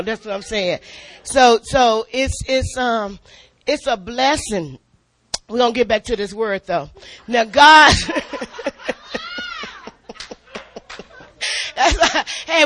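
A middle-aged woman giving a spirited church testimony and sermon, animated, often laughing and repeating her words as she preaches. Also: high-pitched.

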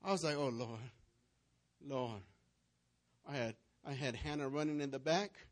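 A male pastor with a somewhat high voice preaches a sermon. He tells stories and acts out the voices and scenes in them. He keeps putting questions to the congregation. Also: fast talker.

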